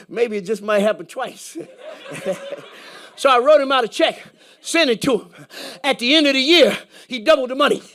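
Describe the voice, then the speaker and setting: A man with a very high voice delivers a storytelling sermon in a church. He laughs often, acts out both sides of the conversations and rises into shouted praise. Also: lively intonation, moderate pace, pauses often, a little hiss or hum. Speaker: preacher.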